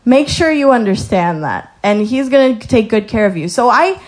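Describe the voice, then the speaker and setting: Young woman sharing her testimony, kinda high voice, tells it like a story and acts out the quotes. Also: normal speed. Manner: lively storytelling with acted-out quotes; reads scripture aloud. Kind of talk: casual sermon testimony.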